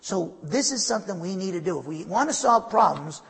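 A man's voice: high-pitched, lively intonation, a little fast, a bit bright, slightly rough, long reverb tail. A man preaching a sermon as pastor, emphatic, with frequent asides and restarts.

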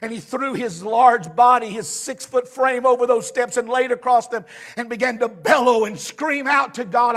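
Male pastor, very high bright voice, fiery sermon delivery that swings between loud and soft. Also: moderate pace. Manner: impassioned preaching, swinging between shouting and hushed storytelling. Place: church sanctuary with a live congregation.

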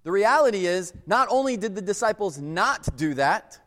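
A man's voice: high-pitched, big pitch swings, normal speed, hardly any pauses, a bit bright. A man preaching a sermon as a pastor, talking in a conversational way and acting out quoted voices. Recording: long hall reverb.

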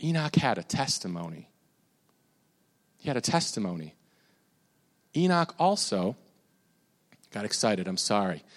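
A man's voice: on the low side, very animated, measured pace, pauses often. Man preaching in a reverberant hall. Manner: conversational preaching, repeats words, shifts into prayer. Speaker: pastor. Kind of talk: sermon. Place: church hall.

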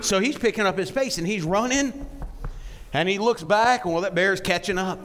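A man preaches a sermon with animated storytelling and joking asides, often checking in with a quick "right?". His voice sits a touch high for a man. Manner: rhetorical questions, repeated "right?".

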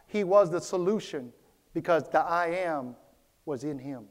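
A man's voice: fairly high pitch, animated, measured pace. A man preaching a sermon as pastor of a church, repeating his key phrases and calling out to the congregation for a response. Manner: repetitive, preacherly, calls for response.

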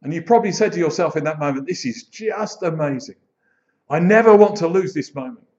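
A man preaching a sermon as pastor, expressive, slowing down to dwell on phrases and telling stories with animation. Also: fairly high pitch. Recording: dull lo-fi sound.

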